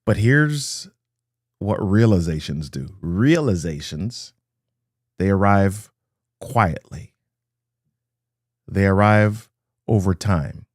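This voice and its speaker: A man with a lowish voice delivers a motivational talk in measured, rhythmic phrases. He repeats his key lines for emphasis and now and then greets viewers by name. The sound is close and dry, with no room echo. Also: animated. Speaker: motivational speaker. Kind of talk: live-streamed motivational talk.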